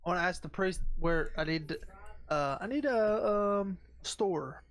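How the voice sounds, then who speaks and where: A player in a tabletop game talking haltingly, searching for words. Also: mid-range voice. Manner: slow, hesitant, searching for words. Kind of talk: casual tabletop play.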